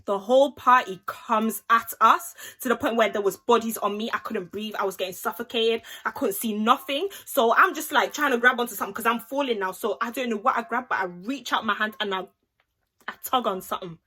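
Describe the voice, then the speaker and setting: Bright-voiced young woman telling a story. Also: a little high, brisk, husky. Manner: animated, acts out the voices of the people in her story; slangy, chatty, with lots of "like" and "innit". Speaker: vlogger. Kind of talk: casual storytime vlog.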